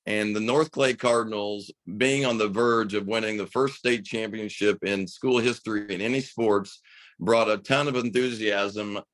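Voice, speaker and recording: Speaking at a normal speed with a steady, slightly bright tone, an American high school basketball coach and radio broadcaster in middle age relates a story enthusiastically on a podcast interview. There's no room sound in the recording.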